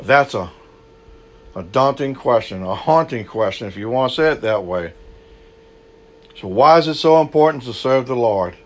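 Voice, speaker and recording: A man preaching a sermon, swinging between loud, raised bursts and low, quiet asides. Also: expressive, moderate pace, pauses often.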